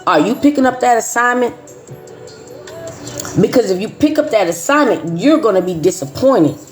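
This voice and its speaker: A middle-aged woman host, talking in a casual, emphatic way, repeating phrases and dropping into low asides. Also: lively intonation, moderate pace, darkish tone, soft background music. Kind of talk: casual chat.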